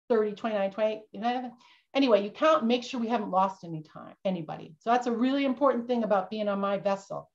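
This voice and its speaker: A woman playing a jittery bumbling schooner captain. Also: fairly high pitch. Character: bumbling male schooner captain, jittery, insists he's not cursed. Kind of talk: storytelling role-play for kids. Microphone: video call. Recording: dull lo-fi video-call audio.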